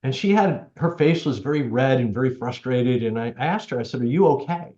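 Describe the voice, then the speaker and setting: A man's voice: medium pitch, fairly quick. A man being interviewed, casually telling stories and acting out what people said. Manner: chatty, animated storyteller, acts out quotes. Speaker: tech helper for seniors, guest. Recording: roomy, slightly dull sound.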